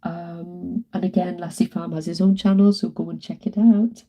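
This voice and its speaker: A woman's voice: on the low side, steady tone, normal speed, warm tone. A woman with a British accent, chatting casually to viewers on a live stream from home while she paints, greeting and thanking them by name. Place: at home, indoors.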